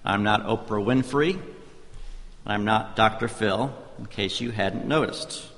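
A middle-aged man preaching a sermon in a church, praying and telling stories in a measured, conversational way. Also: lowish voice, creaky, a bit bright. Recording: reverberant church hall.

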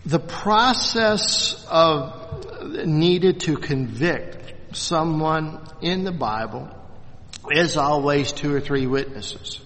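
A man's voice: on the high side, lively intonation, fairly bright tone. Man teaching in a reverberant hall. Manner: halting, many restarts and fillers, self-deprecating. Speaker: Bible teacher. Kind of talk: unscripted church class teaching. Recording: distant mic, long hall reverb.

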